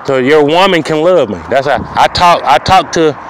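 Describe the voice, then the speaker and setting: A man's voice: a little high, expressive, normal speed. A man talking to camera in a long, rambling monologue outdoors, circling back to the same phrases and asking whether he's understood. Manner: repetitive, keeps asking "you know what I mean". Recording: loud outdoor street noise.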